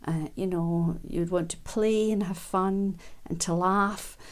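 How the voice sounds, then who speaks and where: A woman giving a gentle, unhurried self-help talk, with frequent ums and quiet laughs. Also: on the low side, fairly even intonation.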